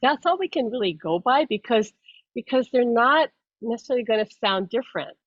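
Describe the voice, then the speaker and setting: This psychic medium explains her ideas in a loose, rambling way, interrupting herself with restarts and laughing frequently. Her voice is a little high, animated and brisk. The lo-fi audio is dull, with a dry, close sound.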